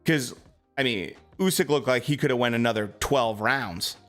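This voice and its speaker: A man's voice: mid-range voice, moderate pace, fairly bright tone, soft background music. A man streaming live, chatting casually about boxing and answering his viewers, with lots of fillers.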